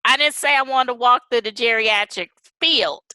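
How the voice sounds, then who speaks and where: Blunt slangy woman, bright dry voice. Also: on the high side, normal speed, dry recording, poor audio. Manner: blunt, emphatic, slangy commentary. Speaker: podcast co-host. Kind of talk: casual reality-TV recap chat.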